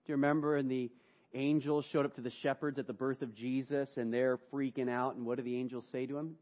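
A man preaching a sermon, telling the story dramatically and moving between hushed and raised passages. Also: medium pitch, brisk, dull audio. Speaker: pastor.

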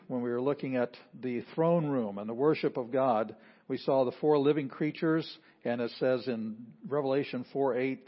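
A pastor preaching a sermon, explaining patiently and repeating phrases for emphasis. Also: male voice, medium pitch. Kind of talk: sermon teaching. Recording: slightly dull lo-fi audio.

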